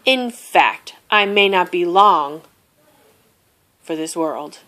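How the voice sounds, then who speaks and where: A sickly, self-pitying bear grumbles in a rasp and complains with great drama, played by a woman reading a storybook aloud. The voice sits higher than her usual talk and swoops about, and it is delivered slowly. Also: expressive, sharp tone, heavily acted. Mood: gloomy. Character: sick, grumpy, self-pitying male bear.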